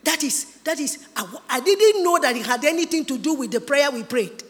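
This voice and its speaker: A woman preaching a sermon in an emphatic, animated way, often mimicking other people's voices. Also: high-pitched, a little fast. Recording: long hall reverb.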